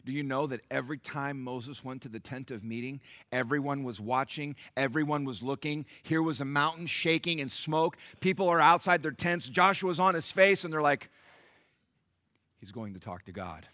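A man preaching a sermon as pastor, calling out to the congregation for responses and swinging between loud emphatic bursts and hushed, soft passages. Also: on the high side, steady tone, moderate pace, hardly any pauses, no echo.

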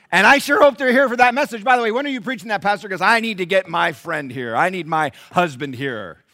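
A man's voice: fairly high pitch, bright, forceful tone, voice pushed up, exaggerated voice. A preacher voicing a defensive, self-righteous churchgoing wife who denies her own faults and points at everyone else's. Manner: mocking, exaggerated protests of innocence.

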